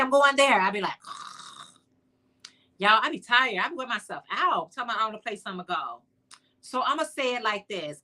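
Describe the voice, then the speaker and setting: Woman, livestream host, casual chat, bright tone, playful asides to viewers. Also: mid-range voice. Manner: chatty, playful, talks straight to viewers; sassy, teasing asides.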